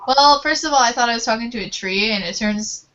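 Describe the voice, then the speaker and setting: A woman's voice: a little high, a little fast, sharp tone. A young woman chatting casually, giggly, telling stories with lots of "I was like". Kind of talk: casual chat. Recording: dull lo-fi call audio.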